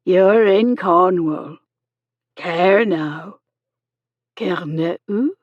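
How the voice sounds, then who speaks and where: A woman doing a brisk older nurse. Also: fairly low pitch, breathy edge, no echo, full character voice. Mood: practical. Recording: dull lo-fi audio.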